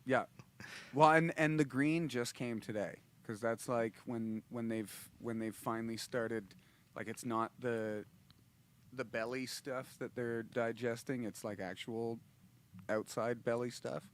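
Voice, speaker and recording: A man's voice: mid-range voice, steady tone, measured pace, slight background noise. A man hosting a casual livestream, rambling and laughing, restarting his sentences often. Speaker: host and musician.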